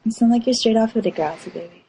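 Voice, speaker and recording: A woman in playful bedtime chat, speaking softly and half-whispered, teasing her partner. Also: fairly high pitch, fast talker, noisy background.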